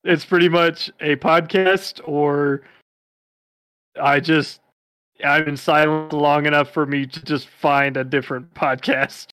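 A man's voice: on the high side, fairly even intonation, takes it slowly, fairly bright tone, no echo. A man co-hosting a casual podcast chat, rambling with lots of fillers. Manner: rambling, filler-heavy, self-mocking. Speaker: podcast co-host.

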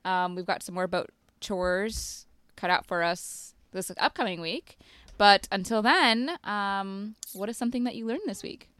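A woman co-hosting a casual podcast, telling a story in an animated way and laughing often. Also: mid-range voice, a little slow, smooth, dry recording. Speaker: podcast co-host. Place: boat.

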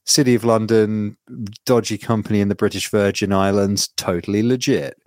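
A fairly low-pitched man co-hosts a podcast, speaking at a moderate pace in clean studio audio with no room sound. He rambles through stories in casual chat, swearing and telling them with lots of animation.

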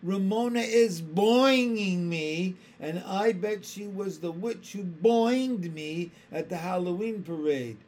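A man's voice: lively intonation, a little slow, few pauses. A man reading a storybook aloud and voicing a tattling little girl who shrieks and complains. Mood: indignant. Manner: shrill, on the verge of tears.

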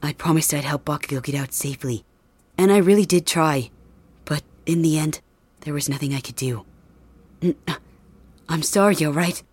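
Woman as a calm young illusionist; low, slow and matter-of-fact, dry and close. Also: breathy edge, dry recording. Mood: apologetic. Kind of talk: audio drama role-play.

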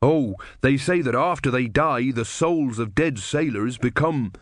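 A man's voice: medium pitch, no room sound, clean studio sound, close to an everyday voice. A man voicing a nervous, blundering male ship's captain who halts and stumbles in folksy speech. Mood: flustered. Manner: flustered, halting, folksy. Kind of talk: audiobook character voice.

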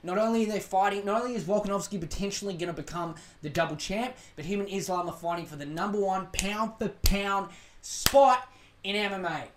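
A man's voice: high-pitched, a little fast, slight background noise. A man with an Australian accent hosting a casual solo podcast, ranting sarcastically and swearing as he jumps between tangents. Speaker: podcast host. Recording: roomy echo.

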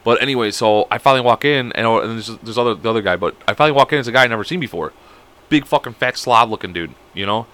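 A man's voice: mid-range voice, very fast, a bit bright. A young man casually telling a long story, rambling and profane, acting out the people he quotes. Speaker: podcast co-host.

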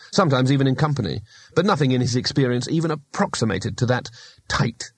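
A man's voice: mid-range voice, slightly rough, no echo. A man narrating a comic fantasy audiobook in a dry, wry storytelling manner. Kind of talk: scripted narration.

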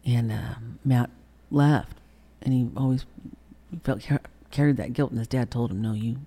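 A woman's voice: a bass voice, unhurried, dark tone. A woman in her sixties, an interview guest telling a candid personal story, acting out past conversations and often sinking to a whisper. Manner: reenacts conversations, dropping into whispers.

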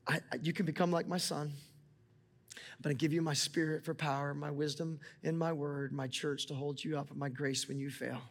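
A man in his forties preaching a sermon as a pastor, talking with passion and rising to near-shouts as he speaks to God aloud. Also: fairly high pitch, level tone, a little fast, gravelly. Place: church auditorium. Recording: large hall with long reverb, music beneath.

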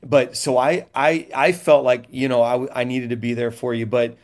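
A man's voice: medium pitch, flat delivery, moderate pace. A middle-aged man who is a pastor, talking reflectively in a podcast with joking asides. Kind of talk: candid podcast conversation.

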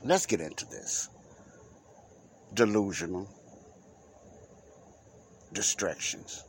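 A man's voice: low voice, animated, takes it slowly, slight background noise. A man hosting his own Christian talk podcast, talking in a rambling, repetitive, informal preacherly way. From United States. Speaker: podcast host. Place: Chicago area.

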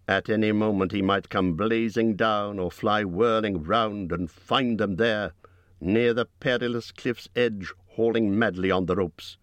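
Man narrating an audiobook, lowish voice, dramatic and measured, super dry studio sound. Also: dry recording.

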